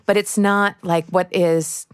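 A woman's voice: fairly low pitch, fairly even intonation, slow, clear, resonant tone, no room sound, studio quality. A woman co-hosting a casual book club podcast, reflective and earnest, sometimes rattling off lists at speed. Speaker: podcast co-host.

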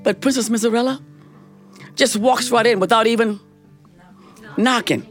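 A woman's voice: fairly high pitch, normal speed, pauses often, faint music behind. A woman telling a fractured fairy tale live, playful and chatty with her listeners. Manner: playful, animated, chatty with the audience. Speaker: storyteller. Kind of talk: live storytelling performance.

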